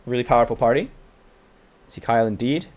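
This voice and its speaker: A man's voice: mid-range voice, fairly quick, a little mellow. Man with a mixed British-American accent. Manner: reads in-game event text aloud, then chats with viewers. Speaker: gaming channel host. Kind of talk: casual let's-play commentary recorded from a livestream.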